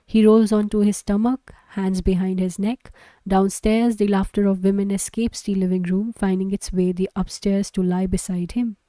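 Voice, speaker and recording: A woman reading a novel aloud in a plain, steady voice, with an occasional slip. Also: medium pitch, normal speed, no echo. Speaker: audiobook reader.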